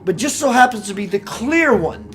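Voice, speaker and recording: A man's voice: high-pitched, sing-song, moderate pace, fairly bright tone. Musing man giving a spiritual talk. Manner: meandering, musing, searching for words. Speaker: spiritual teacher.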